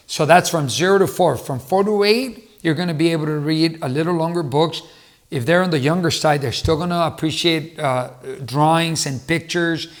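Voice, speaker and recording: A middle-aged man, a former teacher, giving earnest advice to camera in a casual talk, with restarts and repeated words. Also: fairly high pitch. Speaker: motivational speaker and former teacher.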